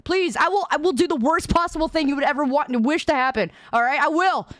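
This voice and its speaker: A woman's voice: high voice, quick pace, fairly bright tone, no room sound. A young adult woman streaming a game, reacting with exasperated, dramatic pleading and outbursts. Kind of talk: reactive livestream gaming chat.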